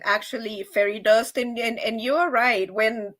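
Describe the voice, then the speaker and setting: A woman's voice: fairly high pitch, fairly even intonation, moderate pace, fairly bright tone. A woman hosting a casual live stream, chatting to viewers in a rambling, upbeat way, often repeating words and laughing.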